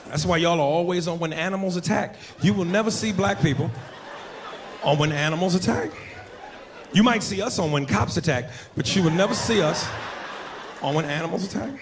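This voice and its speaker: A man's voice: high-pitched, a little fast, background noise. A man doing a brash, profane stand-up set on a comedy stage before a live audience. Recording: live club mic, crowd laughter.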